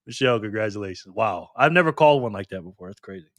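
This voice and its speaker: A middle-aged man hosting a casual live stream, lively and teasing, laughing often as he reacts to chat. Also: lowish voice, quick pace, dry recording.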